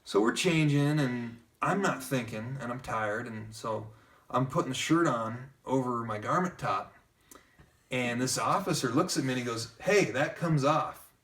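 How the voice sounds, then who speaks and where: A man's voice: mid-range voice, normal speed, far from the mic. A man telling a personal story in casual conversation, acting out what other people said along the way. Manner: lively narrator who keeps acting out quoted dialogue.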